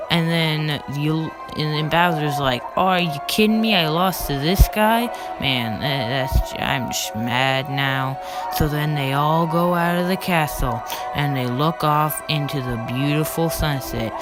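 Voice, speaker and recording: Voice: medium pitch, low-quality recording. Rambling casual game-video narrator, music underneath. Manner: rambling, casual recap with frequent restarts and stumbles. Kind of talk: casual voice-over game retrospective. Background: background music.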